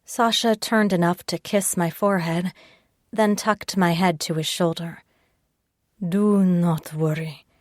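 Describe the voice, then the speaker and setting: A woman reading a first-person audiobook in a calm, measured way on a close mic. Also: lowish voice, no room sound. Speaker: audiobook narrator. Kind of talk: scripted first-person narration.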